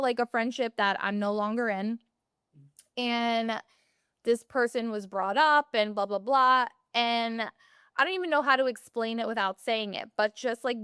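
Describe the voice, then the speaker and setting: Young woman podcast cohost, rambly casual chat, smooth voice, dry close sound. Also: fairly high pitch, bright, forceful tone, no echo. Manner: chatty, rambling with many fillers. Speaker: podcast co-host.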